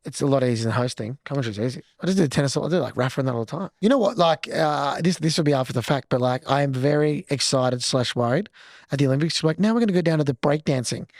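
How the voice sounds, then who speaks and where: Fast-talking Australian man, joking banter. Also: mid-range voice, dry recording, studio quality. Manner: joking, self-mocking. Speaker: podcast co-host. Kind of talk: casual podcast banter.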